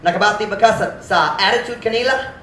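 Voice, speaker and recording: A male pastor delivers a sermon in a high, bright, cutting voice, pressing his listeners with questions. He switches between English and Cebuano. The sound rings through an echoey church with a faint hiss. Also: fast talker.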